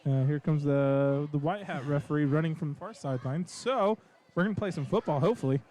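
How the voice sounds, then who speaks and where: A man doing color commentary for high school football, chatty and joking, with plenty of fillers. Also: a little fast, a little mellow.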